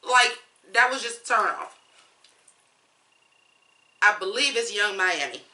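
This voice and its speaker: A woman's voice: mid-range voice, animated, slow, sharp tone, roomy sound. A woman reviewing songs in a blunt, profane, fired-up rant. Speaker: music reviewer. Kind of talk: ranting song review.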